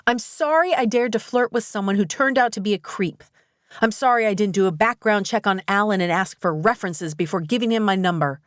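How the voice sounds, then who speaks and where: A woman audiobook narrator voicing a spirited, quick-tempered young woman in a romance story, in an emphatic, rising tone. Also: mid-range voice, sing-song, no room sound, studio quality, voice pushed up, lightly acted. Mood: upset.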